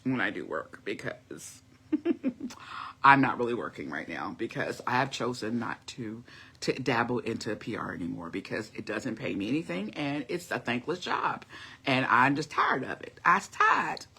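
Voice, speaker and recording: A middle-aged woman chats loosely with her viewers in a livestream, rambling and calling them y'all. Her voice is bright and forward. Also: very deep voice, sing-song, moderate pace, gravelly, slightly rough. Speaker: vlogger. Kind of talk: casual livestream chat.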